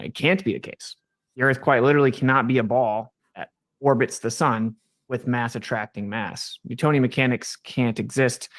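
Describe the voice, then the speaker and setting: Brief: male debater, mid-pitched, methodical and sure of himself. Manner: confident, explains step by step, checks with "right?". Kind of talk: debate argument.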